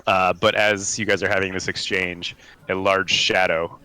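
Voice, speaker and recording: Low-voiced, bright-toned male DM, laid-back with filler-heavy narration. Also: little pitch movement, moderate pace, smooth. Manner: laid-back, laughs often, many fillers. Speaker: dungeon master. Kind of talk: narrating a tabletop game over voice chat.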